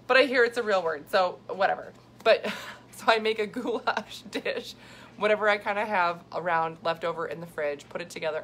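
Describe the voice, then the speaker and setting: A woman's voice: mid-range voice, fairly bright tone. A middle-aged woman chatting casually and upbeat with viewers on a live video, laughing often as a health coach. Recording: faint background noise.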